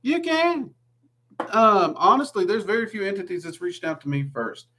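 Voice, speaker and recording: A man's voice: sits high, animated, fairly quick, sharp tone, slight background noise. A man with a Southern twang, hosting a casual livestream Q&A and chatting loosely with lots of "um"s. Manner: chatty and rambling, with many "um"s. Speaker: livestream host answering viewer questions.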